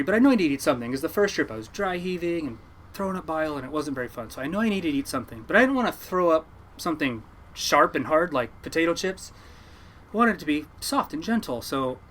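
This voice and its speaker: Fast-talking man telling fishing stories. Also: a little high, a little hiss or hum. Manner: animated yarn-spinner, laughing at his own story. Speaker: fishing boat captain, podcast guest. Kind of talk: casual storytelling.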